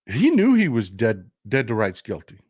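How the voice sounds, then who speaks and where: A man's voice: medium pitch, huge pitch swings, moderate pace, darkish tone, no room sound, studio quality. A man hosting a livestream of casual political commentary, emphatic and full of repeats and restarts, talking straight to his viewers. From Texas. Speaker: livestream host.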